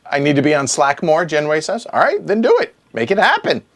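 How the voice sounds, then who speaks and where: Animated man reading out viewer questions. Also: on the high side, a little fast. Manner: reads chat questions aloud and answers with joking asides. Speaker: board game show host. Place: home streaming room.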